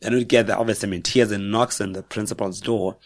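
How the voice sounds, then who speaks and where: Low-voiced South African man recounting memories. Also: fairly even intonation, dry recording. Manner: reflective, halting, with frequent self-corrections. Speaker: guest author. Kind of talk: personal storytelling in a podcast interview.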